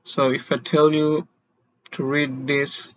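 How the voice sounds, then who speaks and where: A man teaching a beginner Mandarin lesson, explaining slowly and deliberately and having learners repeat syllables after him. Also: a little high, level tone, a bit bright, dull audio. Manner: slow, deliberate explanations with demonstrated tones.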